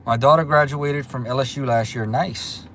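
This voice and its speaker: Guy running his own livestream, chatty and upbeat, mid-pitched voice, faint hum behind him. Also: moderate pace, fairly bright tone. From Louisiana. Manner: upbeat, chatty, greets viewers by name. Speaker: livestream host. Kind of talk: casual livestream chat reading viewer comments.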